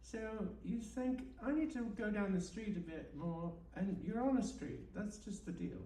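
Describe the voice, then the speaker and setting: Woman, deadpan, rambling, absurdist guided meditation, live event, distant mic, roomy echo. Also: medium pitch, normal speed. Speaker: guest performer. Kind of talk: comic improvised guided meditation and chat. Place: live event in a bookstore space. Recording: roomy and distant, faint background noise.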